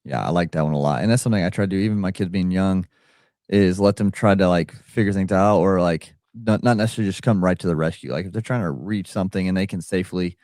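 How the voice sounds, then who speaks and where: Low voiced podcast host guy, talks fast, jokey and chatty. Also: darkish tone, no echo, studio quality. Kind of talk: casual interview chat.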